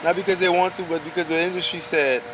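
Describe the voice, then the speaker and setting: A man's voice: high-pitched, fairly even intonation, fast talker, background noise. A man giving a loose, slangy street monologue, preaching and firing off rhetorical questions.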